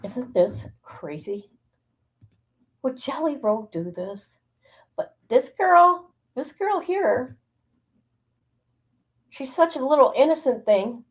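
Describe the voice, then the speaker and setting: A husky woman hosting a livestream, thinking aloud in a casual, musing way. Her thoughts trail off and she circles back to them. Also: sits high, big pitch swings, takes it slowly, long pauses, low-quality recording. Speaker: stream host reacting to a video.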